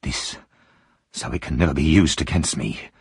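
A fierce, secretive stranger who snaps out short demands and threats, as a man reading a storybook plays him. The voice is very low and husky. It is recorded dry and close with no room sound. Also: normal speed, no room sound, heavily acted. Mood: menacing. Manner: menacing, curt, demanding.

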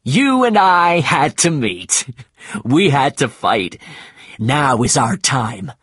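A man voicing an obsessed old sea captain in a storybook reading, loud and commanding. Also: mid-range voice, big pitch swings, takes it slowly, husky, no room sound, studio quality, exaggerated voice. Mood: exultant.

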